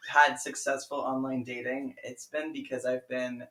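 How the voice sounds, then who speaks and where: Young male podcast co-host, casual and teasing, mid pitch, roomy sound. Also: little pitch movement, fairly bright tone. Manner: quick teasing interjections, laughs often. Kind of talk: casual chat. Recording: roomy echo.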